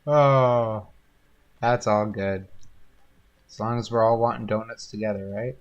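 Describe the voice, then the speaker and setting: A man's voice: fairly low pitch, fairly even intonation, measured pace, highs cut off. A man hosting a painting livestream, chatting casually and rambling, with frequent laughs. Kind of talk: casual chat while painting.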